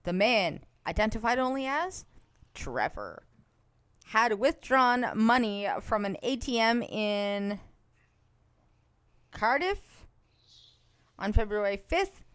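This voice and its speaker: A woman's voice: on the high side, sing-song, slow pace, long pauses, fairly bright tone, clear, resonant tone, dry recording. A woman co-hosting a casual podcast, reading news headlines aloud and reacting with short laughs. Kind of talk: casual chat.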